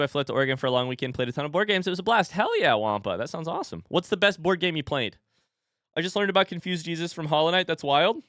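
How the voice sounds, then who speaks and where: A man in his thirties talks loosely to his stream chat, jumping between jokes and stories as he reads comments aloud. His voice is clean and smooth, at an everyday pitch. The sound is dry and close, with no room echo. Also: fairly bright tone. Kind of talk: casual live-stream chat.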